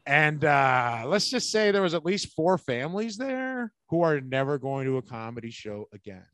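A comedian chatting casually, telling stage stories and acting out what people said. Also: male voice, fairly high pitch, moderate pace, no echo. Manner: animated storyteller, acts out quotes. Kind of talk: casual podcast chat.

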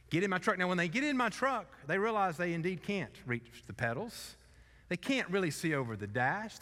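A pastor delivering a sermon, telling a story earnestly and building to loud, emphatic peaks before dropping to quiet conclusions. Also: male voice, fairly high pitch, big-room sound.

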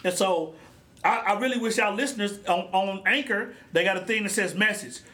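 A man's voice: high-pitched, normal speed, pushed and bright. A man hosting his own podcast, ranting bluntly and animatedly in slangy casual talk. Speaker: podcast host. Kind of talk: casual solo podcast rant. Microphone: podcast microphone.

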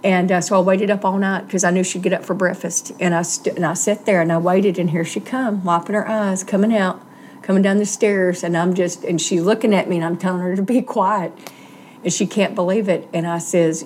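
A woman's voice: lowish voice, steady tone, fairly quick, darkish tone, slight background noise. Middle-aged woman, plain earnest storyteller. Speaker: guest sharing recovery story. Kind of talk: personal testimony, casual storytelling.

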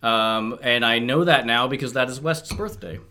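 A man co-hosting a casual podcast, dropping dry deadpan asides. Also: medium pitch, moderate pace. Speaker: podcast co-host.

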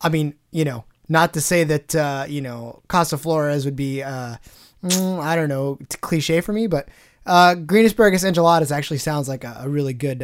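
A man co-hosting a podcast, talking with folksy enthusiasm and lots of fillers. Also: on the high side. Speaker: podcast co-host. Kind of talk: casual chat.

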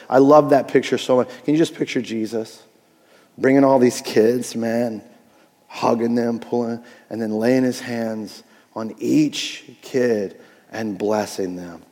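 A man preaching a Father's Day sermon as pastor, animated and jokey, swinging from loud to soft. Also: medium pitch, in a large hall.

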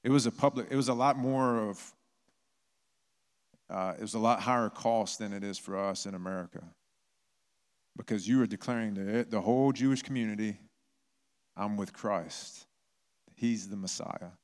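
A man's voice: lowish voice, fairly quick, long pauses. A man preaching a sermon as a pastor, telling stories in a conversational way. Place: church. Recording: long reverb of a church hall.

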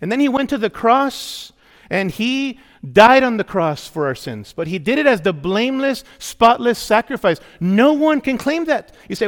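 A man's voice: high voice, sing-song, moderate pace, a bit bright. A man preaching a sermon as pastor, emphatic and repetitive, putting questions to the congregation. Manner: emphatic preaching, repeating key phrases, asking the congregation questions. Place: church. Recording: long hall reverb.

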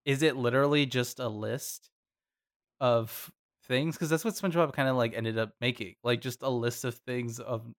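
A man hosts a podcast in a relaxed, chatty way. His voice sits at a middle pitch, and he talks animatedly with quick asides. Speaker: podcast co-host. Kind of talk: casual chat.

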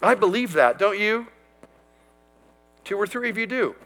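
A man's voice: high-pitched, animated, unhurried, long pauses, fairly bright tone, long reverb tail. A man preaching a sermon, quoting and declaring scripture with emphatic conviction. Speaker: pastor.

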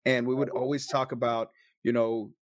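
Man, 30s, spins a raw personal story with swearing and quick bursts, mid pitch, dead-dry room. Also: flat delivery, no echo. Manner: emotional, profane, quick bursts. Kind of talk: casual storytelling.

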